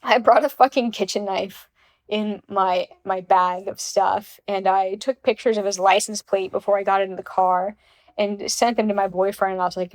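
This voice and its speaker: A young woman vlogger telling a casual storytime, swearing freely and acting out the people in it with sudden jumps in her voice. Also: normal speed. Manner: animated, swears freely, acts out quotes with pitch jumps.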